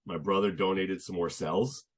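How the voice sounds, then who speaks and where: Young man, very low voice, earnest and halting, podcast guest, casual storytelling. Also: steady tone, husky. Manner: earnest, halting, many restarts and "like".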